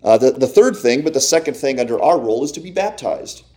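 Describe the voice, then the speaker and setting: A man preaching a sermon as pastor, emphatic, swinging between loud points and hushed lines. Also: mid-range voice, animated, quick pace.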